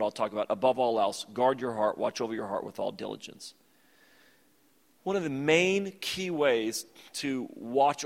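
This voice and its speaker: A pastor preaching a conversational, emphatic sermon that repeats its key phrases. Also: male voice, mid-range voice. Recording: long reverb of a large hall.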